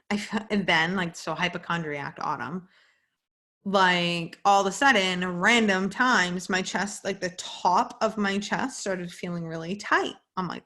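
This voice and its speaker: A young woman hosts a casual solo podcast from home at night, speaking in a bright, forceful, medium-pitched voice. She is candid, using many "like" fillers and some swearing.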